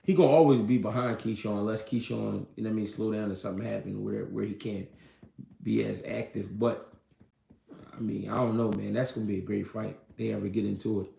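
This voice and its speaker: A man's voice: fairly low pitch, steady tone, brisk, gravelly, warm tone, a little hiss or hum. A man hosting a casual livestream, talking in a loose, slangy way and answering viewers' comments. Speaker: livestream host. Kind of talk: casual livestream chat about boxing. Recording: echoey room.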